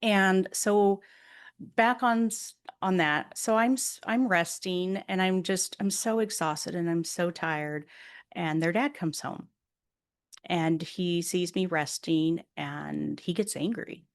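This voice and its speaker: A woman's voice: on the low side, slow. A middle-aged woman hosting a podcast, telling personal stories in a candid, earnest way and speaking straight to listening moms. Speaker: podcast host and life coach. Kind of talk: personal storytelling monologue.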